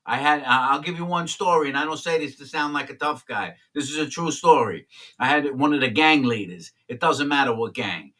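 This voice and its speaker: Blunt streetwise man, bright voice. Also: mid-range voice, far from the mic. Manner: blunt, streetwise, swears freely. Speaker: former prisoner telling stories. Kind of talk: candid storytelling.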